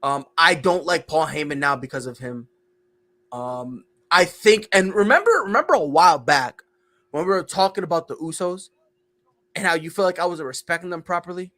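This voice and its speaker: A man's voice: fairly high pitch, moderate pace, sharp tone. A man hosting a casual sports podcast, ranting and joking about wrestling and basketball. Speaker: podcast host.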